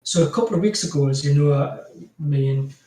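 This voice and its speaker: A man's voice: fairly high pitch, brisk, mellow. Rambling Geordie man, roomy distant sound. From North East England. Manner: rambling, laughs often, many "you know" fillers. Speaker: podcast guest, graphic designer. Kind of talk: casual chat.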